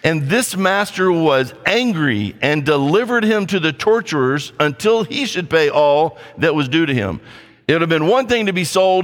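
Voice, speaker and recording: A man's voice: fairly high pitch, a bit bright. A male pastor preaching a sermon in a blunt, conversational way, with playful asides. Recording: long hall reverb.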